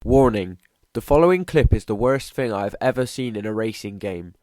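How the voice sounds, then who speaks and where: A man's voice: on the low side, expressive, normal speed. A young man giving a sarcastic, profane video game review, swearing often. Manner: sarcastic, swears often, shouts in disbelief at glitches.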